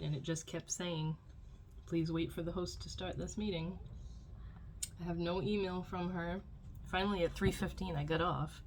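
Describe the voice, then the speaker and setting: A woman's voice: fairly low pitch, a little hiss or hum. A young adult woman vlogging at home, rambling and complaining in a casual diary style with lots of filler words.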